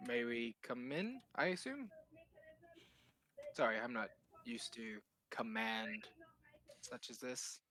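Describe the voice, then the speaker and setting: A man's voice: mid-range voice, lively intonation, slow pace, pauses often, bright, forceful tone. A man voicing a large, submissive character who speaks with formal, apologetic courtesy. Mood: deferential.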